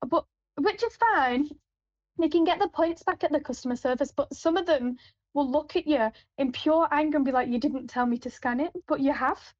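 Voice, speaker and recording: Rambling high-voiced woman. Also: normal speed, dry recording. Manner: rambling, with frequent fillers and restarts. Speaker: supermarket till worker. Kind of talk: casual anecdotal chat. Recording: dull, lo-fi, dry.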